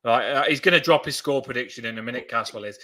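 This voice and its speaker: A man's voice: mid-range voice, fast talker. A young man co-hosting a casual football fan chat, telling stories with lots of laughs. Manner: animated storytelling, laughs often. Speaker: podcast co-host.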